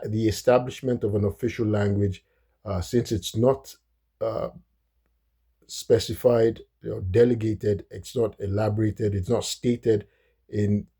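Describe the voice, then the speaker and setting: Guy explaining stuff off the cuff, lots of uhs and restarts, kinda husky low voice. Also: warm tone. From United States. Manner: halting, many fillers and restarts. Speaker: host. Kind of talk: unscripted explanatory talk.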